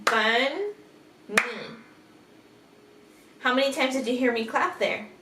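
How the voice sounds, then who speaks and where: A woman teaching kindergarten phonics, sounding out letters and words slowly with exaggerated care and patient, encouraging questions. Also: high-pitched, fairly even intonation, fairly bright tone, recorded from a distance. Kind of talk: recorded phonics lesson for young children. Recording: echoey room, off-mic, faint background hiss.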